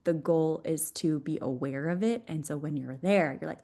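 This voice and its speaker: Low-voiced woman explaining with enthusiasm. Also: normal speed, few pauses, mellow. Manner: enthusiastic, laughs often while explaining. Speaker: podcast guest, Human Design mentor. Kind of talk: conversational podcast interview.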